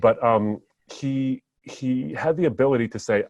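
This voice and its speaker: A man speaking as a guest on a podcast, reflecting on memories and telling stories in a relaxed, anecdotal way. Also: mid-range voice, a little slow, few pauses, no echo, muffled recording. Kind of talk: podcast conversation.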